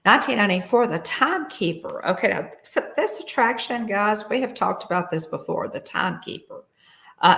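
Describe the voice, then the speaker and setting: A woman's voice: lowish voice, vocal fry, a bit bright. A woman hosting a casual livestream, reading out trivia and greeting viewers by name. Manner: chatty, reads trivia aloud and greets viewers. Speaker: livestream host.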